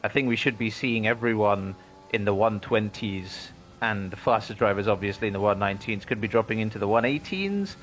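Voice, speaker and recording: A man calls an online sim race qualifying session, reading out positions and lap times with measured analysis. His voice sits a bit low. Faint ambience hums behind him. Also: a bit bright, a little hiss or hum. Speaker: sim racing commentator. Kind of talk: race commentary.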